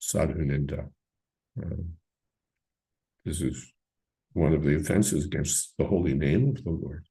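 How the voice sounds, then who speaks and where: A man with a dark, husky voice leads a scripture class. He talks in a halting, searching way, with frequent fillers and pauses. His delivery is informal and reflective. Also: a bass voice, steady tone. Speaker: teacher leading a scripture class.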